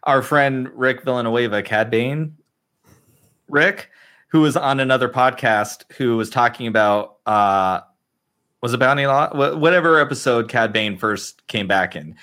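A male podcast host leads a casual group discussion in a mid-pitched voice. He gushes freely and fills his sentences with "like.". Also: measured pace, sharp tone. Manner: gushing, with many "like" fillers.

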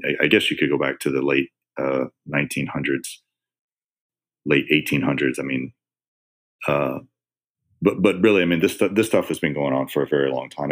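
A man with an extremely deep, low voice talks as a podcast guest. He rambles in a casual discussion, hesitant and full of fillers and restarts.

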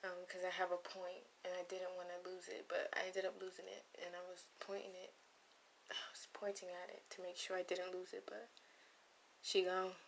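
Rambling young woman with a lowish voice. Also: completely flat delivery, normal speed, gravelly, a little hiss or hum. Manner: rambling, loses her train of thought, playful asides. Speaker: vlogger. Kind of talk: casual comedic monologue. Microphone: close microphone.

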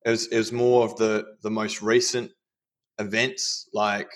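A man's voice: lowish voice, level tone, unhurried. A man talking candidly in a casual conversation, telling personal stories. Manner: candid, storytelling with acted quotes.

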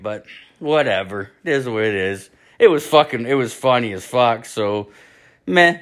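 Podcast host dude, swears constantly, rambly, bright edgy voice. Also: male voice, medium pitch, expressive, normal speed. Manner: profane, rambling, lots of fillers. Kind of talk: casual storytelling.

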